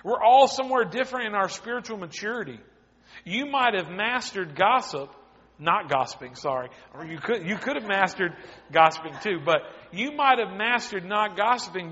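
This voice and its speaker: A man preaching a sermon as pastor, often dropping quiet for emphasis. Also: sits high, moderate pace, in a large hall, dull audio.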